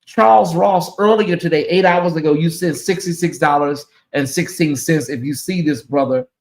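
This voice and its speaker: A man hosting a casual livestream, speaking in a somewhat high voice. He addresses his viewers directly with a sassy, animated delivery that swings between teasing and heartfelt thanks. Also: moderate pace. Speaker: livestream host.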